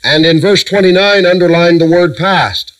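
This low-quality recording features a middle-aged preacher whose voice is high and a bit bright. He takes his congregation through scripture verse by verse, punctuating with emphatic lists and measured pauses.

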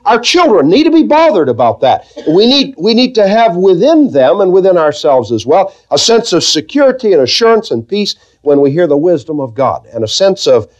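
A man teaching a Bible class in a conversational way, now and then dropping into soft, quiet asides and calling on listeners by name. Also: sits high, sing-song, normal speed, hardly any pauses. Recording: dull lo-fi tape recording.

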